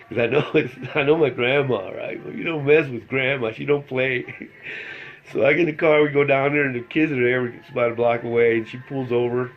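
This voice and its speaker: A man's voice: medium pitch, steady tone, brisk, creaky. Chuckling man telling stories. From El Paso, Texas. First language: Spanish. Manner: rambling, chuckles through the telling. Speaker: storyteller. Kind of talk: casual anecdote telling. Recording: slightly dull lo-fi recording.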